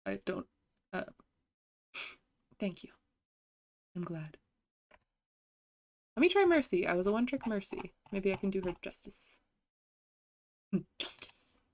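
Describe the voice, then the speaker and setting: A woman's voice: mid-range voice, big pitch swings. A woman streamer chatting casually with viewers, giggly and self-deprecating, often trying out voice impressions. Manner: giggly, self-deprecating, slow and soft-spoken.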